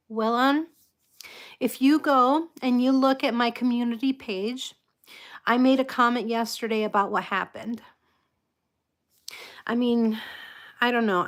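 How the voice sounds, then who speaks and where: Slow, soft-spoken woman chatting on a livestream. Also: fairly high pitch. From United States. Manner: soft-spoken, apologetic, chatty, laughs often. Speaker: livestream host. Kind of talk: casual live chat with viewers.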